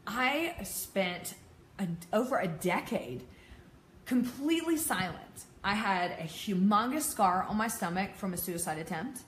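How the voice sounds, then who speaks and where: A woman's voice: lowish voice, a little hiss or hum. Candid woman talking in an echoey room. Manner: candid, laughs often, self-deprecating asides. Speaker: peer support speaker. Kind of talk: personal talk to an audience.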